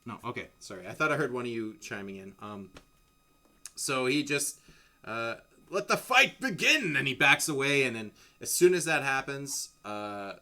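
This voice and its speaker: A man's voice: medium pitch, moderate pace, sharp tone. A man narrating a tabletop game as game master in a casual, rambling way with many restarts. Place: home streaming setup.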